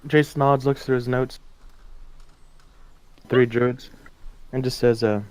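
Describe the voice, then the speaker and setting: A man player in a tabletop game, talking in a hesitant, halting way. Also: mid-range voice, little pitch movement, darkish tone, smooth, no echo. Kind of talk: tabletop role-play chat.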